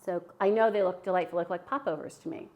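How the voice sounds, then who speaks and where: A woman's voice: on the low side, quick pace, darkish tone, lo-fi sound. A woman who hosts a casual live cooking demo in her home kitchen, chatting with viewers and answering their comments while she cooks. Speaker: cooking livestream host.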